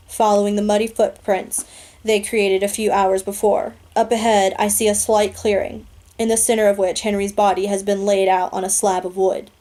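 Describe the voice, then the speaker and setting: Mellow-voiced woman reading a novel. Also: mid-range voice. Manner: steady, earnest storytelling. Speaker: audiobook reader.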